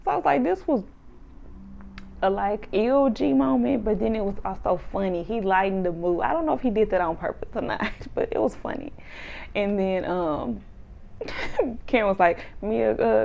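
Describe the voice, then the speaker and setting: Laughing, gravelly-voiced woman recapping. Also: medium pitch, moderate pace, lo-fi sound. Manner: laughs often, acts out quotes in animated voices. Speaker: reality TV recap vlogger. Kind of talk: casual recap chat.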